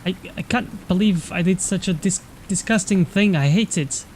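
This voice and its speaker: A man voicing a frightened, remorseful teenage boy in a story game, speaking haltingly and stammering. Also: sits high, darkish tone, a little hiss or hum, close to an everyday voice. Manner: halting, stammering, full of self-blame.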